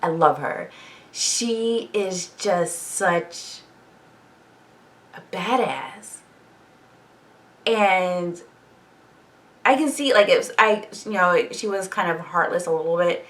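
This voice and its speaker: A woman recapping a TV episode in a casual, animated reaction vlog, swearing freely and laughing often. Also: on the low side, slow, long pauses, recorded from a distance. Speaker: TV show reaction vlogger.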